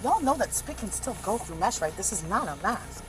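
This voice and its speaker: A woman's voice: medium pitch, very animated, over music. Sarcastic rambling woman in her late twenties. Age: late 20s. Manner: sarcastic, rambling, fast-talking. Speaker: woman being arrested. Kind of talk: rambling bodycam talk. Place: outdoors by a police car. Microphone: officer's body camera.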